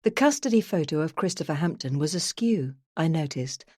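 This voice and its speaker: A woman narrating a first-person true crime audiobook in a measured, even storytelling manner. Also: deep voice, no echo, clean studio sound.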